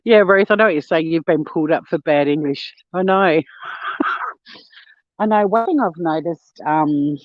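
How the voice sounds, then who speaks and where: A woman's voice: low voice, a little slow, pauses often, no echo, highs cut off. An Australian woman hosting a casual phone livestream, chatting with viewers, swearing freely and laughing often. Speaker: livestream host. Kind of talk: casual live chat reading viewer comments.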